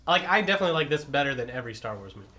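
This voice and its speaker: A man joining a casual film podcast with a bright, forward voice at a middle pitch. He talks eagerly and leans hard on his opinions. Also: big pitch swings, racing. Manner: eager, emphatic. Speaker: podcast co-host. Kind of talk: casual chat.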